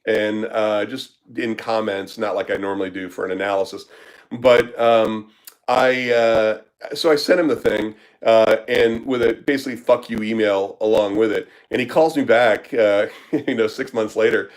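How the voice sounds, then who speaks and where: A man's voice: on the low side, steady tone, normal speed, poor audio. A man who works as a startup business consultant, answering questions in a casual live Q&A, blunt and profane with lots of filler words.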